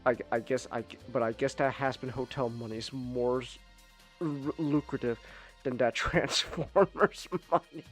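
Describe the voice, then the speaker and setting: A man's voice: mid-range voice, steady tone, normal speed, soft background music. A man chatting casually on a stream, rambling with many restarts and swearing. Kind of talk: casual chat.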